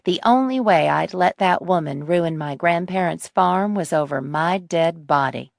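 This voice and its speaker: A woman narrating a mystery audiobook in a measured first-person style. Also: on the low side, gravelly, no echo, clean studio sound.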